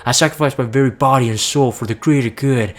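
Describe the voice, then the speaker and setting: A man voicing a cold, weary young male traitor mage in a flat, solemn way. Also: medium pitch, fast, close to an everyday voice. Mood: grim.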